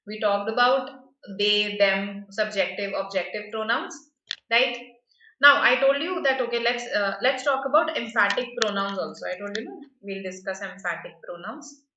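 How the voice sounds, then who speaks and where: A woman's voice: mid-range voice, normal speed, pushed and bright, reverberant, highs cut off. A woman teaching a grammar lesson for exam prep, explaining patiently and often checking with "right?".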